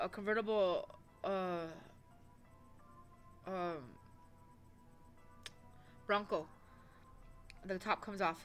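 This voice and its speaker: A woman telling a personal story in casual, rambling talk, swearing often and restarting her sentences, with soft music behind her. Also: mid-range voice, smooth. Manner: rambling, profane, with many fillers and restarts.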